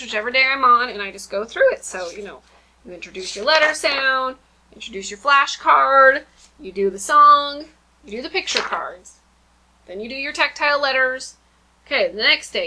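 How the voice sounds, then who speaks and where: A woman's voice: high voice, bright, forceful tone, a little hiss or hum. A woman in her thirties, a homeschooling mom, chatting casually and rambling with many fillers about her kindergarten lessons at home. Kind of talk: casual vlog chat.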